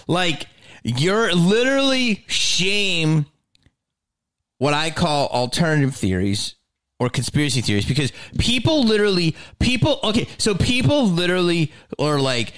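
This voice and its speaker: A man's voice: medium pitch, sing-song, a little slow, a bit bright, no room sound, studio quality. A middle-aged man hosting a solo podcast, ranting sarcastically and swearing a lot. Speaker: podcast host.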